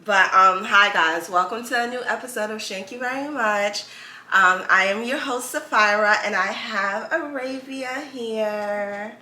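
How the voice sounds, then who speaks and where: A woman's voice: mid-range voice, normal speed, bright, forceful tone, reverberant. A woman hosting a podcast, chatting casually and telling a story with lots of filler words. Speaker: podcast host. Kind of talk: casual chat.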